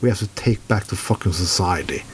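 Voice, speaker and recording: A man's voice: low voice, expressive, fairly quick, slight background noise. A man from Norway with a Norwegian accent, giving a furious political rant full of swearing. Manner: heavy swearing, furious and blunt.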